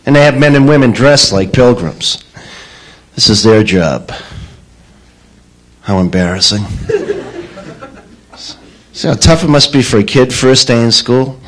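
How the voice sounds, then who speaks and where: A man works a comedy club stage in an unhurried, deadpan drawl. His pitch rises and falls a lot though the pace stays slow. A faint tape hiss runs under the old television recording. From Boston, New England. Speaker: stand-up comedian. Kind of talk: stand-up comedy set. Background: audience laughter.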